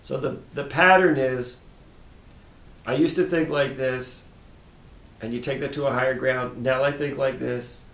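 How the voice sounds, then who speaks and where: A man who practices tapping therapy, speaking calm, repetitive self-affirmations that often drop to a hushed tone, then explaining his method. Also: unhurried, gravelly, long pauses. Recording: roomy echo with faint rumble.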